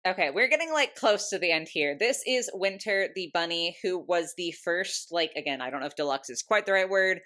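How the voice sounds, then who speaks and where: A young woman vlogging about her doll collection in an excited, chatty way, full of fillers and little laughs. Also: on the low side, brisk, few pauses. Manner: gushing, chatty, lots of "like" and laughs. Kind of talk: casual ranking vlog.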